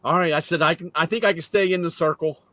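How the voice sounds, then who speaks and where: A man hosting a casual chat, telling a long story in a wry, deadpan way and acting out both sides of the dialogue. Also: a little high, fast talker, no echo. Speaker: host.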